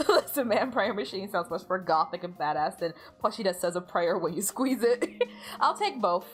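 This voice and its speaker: A woman's voice: mid-range voice, animated, normal speed, faint music behind. Giggly rambling woman streamer. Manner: giggly, rambling, lots of "like" fillers. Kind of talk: casual chat while gaming.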